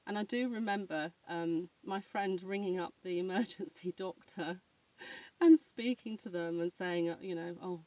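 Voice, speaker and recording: A woman's voice: fairly low pitch, normal speed. Woman, chatty, tinny and distant. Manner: rambling, chatty, laughs while talking. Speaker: Reiki practitioner. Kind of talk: casual chat to camera. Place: indoors, snuggled under a duvet. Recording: tinny phone-like sound from far off.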